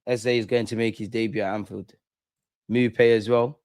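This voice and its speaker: A man's voice: fairly low pitch, level tone, normal speed, a little mellow, no echo, clean studio sound. A young man hosting a live fan stream, ranting heatedly and repeating lines for emphasis. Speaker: fan channel host.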